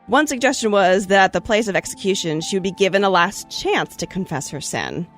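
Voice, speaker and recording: A woman tells a historical trial story to friends on a podcast, mid-pitched and casual. She reads the account steadily, then breaks into animated asides. Faint music plays underneath. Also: a little fast. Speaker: storyteller host. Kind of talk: casual group podcast chat, narrating history.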